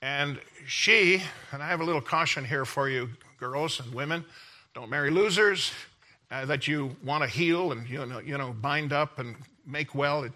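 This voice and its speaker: A man's voice: on the high side, pushed and bright. A man giving a rambling, informal classroom lecture, often checking in with his listeners by asking "okay?". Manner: rambling, checks in with "okay?" after many points.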